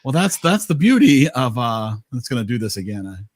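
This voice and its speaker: A man's voice: mid-range voice, sing-song, fairly quick, no room sound. A man hosting a casual online movie night, chatting with lots of fillers and laughs. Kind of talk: casual group chat.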